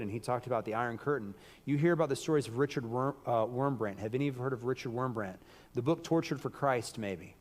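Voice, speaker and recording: A man preaching a sermon in a church hall, his voice wearing hoarse as he goes. He talks emphatically, with loud bursts, and the room gives his words a long reverberant tail. His pitch sits in the middle range for a man. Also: a little fast. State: losing his voice.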